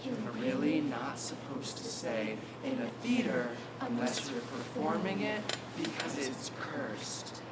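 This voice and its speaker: Slow, gravelly man on stage. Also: fairly high pitch, sing-song, heavy background noise. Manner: halting, rambling explanations. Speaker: comedy troupe performer. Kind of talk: live comedic stage banter. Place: theater stage. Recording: roomy live stage with audience.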